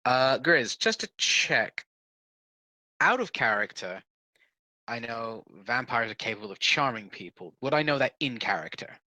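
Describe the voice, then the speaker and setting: Bright-voiced man reasoning through a game. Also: medium pitch, big pitch swings, dry recording, low-quality recording. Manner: measured, reasoning aloud. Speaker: tabletop game player. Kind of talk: casual game chat.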